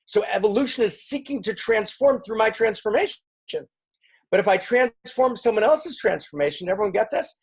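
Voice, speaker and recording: A man giving an impassioned spiritual teaching on a video call, emphatic and often checking in with his listeners. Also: high-pitched. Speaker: teacher leading an online session.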